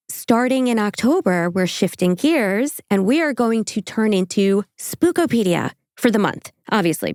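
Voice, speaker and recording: A woman's voice: medium pitch, a little mellow, no room sound. Chatty woman podcast host, giggles a lot, swears, super dry close mic. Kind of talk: casual chat.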